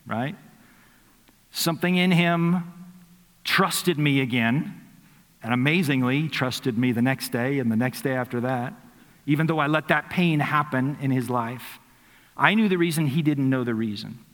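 A man preaching a sermon as a pastor, telling a personal story earnestly, dropping softly into reflective moments. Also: on the high side. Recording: long hall reverb.

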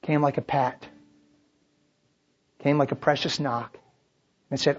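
A man pastor preaching a sermon, passionate, swinging between loud preaching and quiet prayer at a church service, on a dull lo-fi recording. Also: medium pitch, fairly even intonation, moderate pace, pauses often.

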